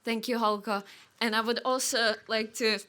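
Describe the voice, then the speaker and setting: Teen girl graduate, bright highish voice, formal thank yous read off notes. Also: fairly even intonation, moderate pace. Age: late teens. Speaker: graduating student. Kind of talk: graduation thank-you speech. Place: outdoor graduation ceremony.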